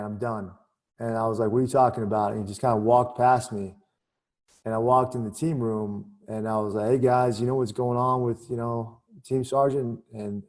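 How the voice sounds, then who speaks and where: Mellow-voiced man telling war stories. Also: mid-range voice. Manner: candid, conversational, many fillers like "you know" and "man". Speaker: guest, former Army captain. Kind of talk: casual storytelling interview.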